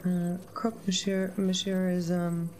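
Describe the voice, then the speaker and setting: A woman's voice: fairly low pitch, level tone, a little slow, darkish tone, a little hiss or hum. A woman co-hosting a live game stream, chatting casually and rambling with frequent ums and the odd swear word.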